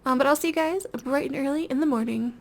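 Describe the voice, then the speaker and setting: A young woman talks through her life-sim game in a loose, casual way. Her voice sits high with a gravelly fry, and she giggles and rambles, dropping fillers as she goes. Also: fast. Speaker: gameplay video host. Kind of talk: casual let's-play commentary.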